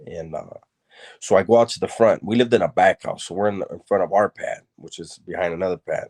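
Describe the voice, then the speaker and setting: A man recalls his earlier life in an easygoing, chatty storytelling style, his voice very deep and low with a somewhat dark tone. He speaks loosely, relies on street slang, and frequently circles back to repeat things.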